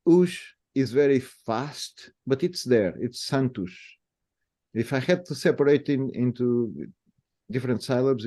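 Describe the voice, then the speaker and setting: A man whose first language is Portuguese speaks English with a Portuguese accent, patiently demonstrating how words sound as a language guest in an explanatory conversation. His voice is mellow and medium-pitched.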